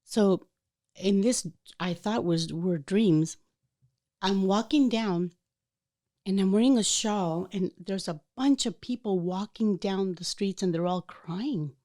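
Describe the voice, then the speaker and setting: A woman hosting a podcast, chatting casually and telling a personal story in an animated way, acting out the voices of people in it. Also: mid-range voice, takes it slowly. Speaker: podcast host.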